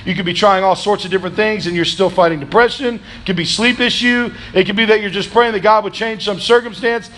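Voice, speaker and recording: High-pitched man preaching a sermon. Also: animated, brisk, few pauses. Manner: preaching with call-and-response, rising to shouts then dropping low. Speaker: pastor. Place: church sanctuary.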